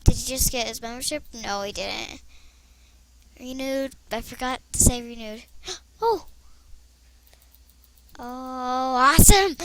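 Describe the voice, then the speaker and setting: A young girl chatting to herself as she plays an online game, excitable and rambling. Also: on the high side, slight background noise. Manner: chatty, excitable, talks to herself while playing. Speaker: gameplay vlogger. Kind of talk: casual commentary over online game play.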